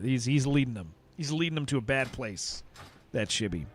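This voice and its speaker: A man's voice: medium pitch, lively intonation, normal speed, soft background music. A man streaming a game, chatting casually and emphatically with his viewers and answering their messages as he goes. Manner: rambling, emphatic, reacts to chat messages.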